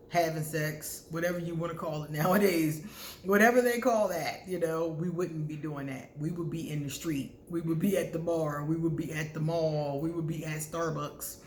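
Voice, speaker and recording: A woman's voice: low voice, slight background noise. Candid woman giving casual advice, echoey room. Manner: candid, conversational, bursts of loud laughter. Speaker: astrology advice vlogger. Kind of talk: casual advice talk to camera.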